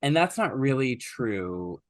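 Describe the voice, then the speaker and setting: A man of middle pitch chats through a story on a podcast, loose and conversational, leaning on fillers and side remarks. His voice sits close and dry, with no room sound around it. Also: sing-song, takes it slowly, no echo. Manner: chatty retelling full of fillers and asides. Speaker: podcast co-host.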